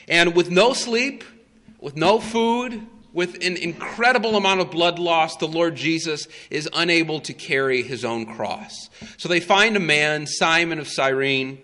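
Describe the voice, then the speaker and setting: A male preacher retelling a story in a sermon, dramatic and emphatic with long pauses. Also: on the high side, bright, forceful tone, long reverb tail.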